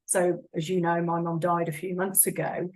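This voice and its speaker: A middle-aged woman hosting a casual interview, speaking gently and attentively. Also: lowish voice, level tone, normal speed, low-quality recording. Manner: gentle, attentive, quietly affirming. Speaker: podcast host.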